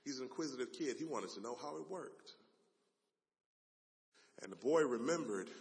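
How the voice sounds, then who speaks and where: Storytelling preacher, male, medium pitch, big dynamic swings, long hall reverb. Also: lively intonation, moderate pace, gravelly, pauses often. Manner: dramatic, swings from loud to hushed. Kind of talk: sermon storytelling.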